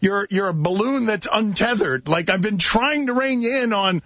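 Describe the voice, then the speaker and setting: Male sports radio host, wry and teasing, high animated pitch, dry lo-fi studio. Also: moderate pace. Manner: teasing, laughs often, wry.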